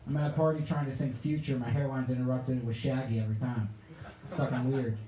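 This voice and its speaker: A man's voice: medium pitch, fairly even intonation, fast talker, warm tone, reverberant, low-quality recording. A man in his twenties from the Pittsburgh area performing a sarcastic, ranting stand-up set. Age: 20s. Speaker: stand-up comedian. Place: comedy club stage.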